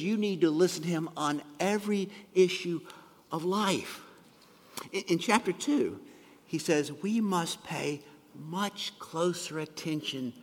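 A man preaches a sermon with a voice a little higher than most men's. He drops to hushed near-whispers, then punches key lines out loudly. His voice rings with the long reverb of a large hall. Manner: swings between soft, hushed asides and loud emphatic punches.

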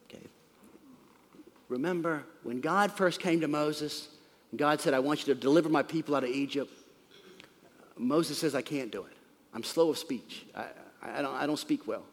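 A man preaching a sermon as pastor, animated, swinging from loud emphasis to hushed asides. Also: on the high side, moderate pace, long pauses. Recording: long hall reverb.

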